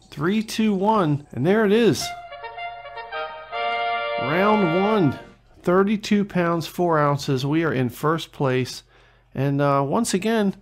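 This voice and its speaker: A man hosting a fishing game let's-play, joking and talking the viewer through each cast with sudden bursts of excitement. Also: on the high side. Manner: jokey, excitable, talks to the viewer. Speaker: gaming channel host.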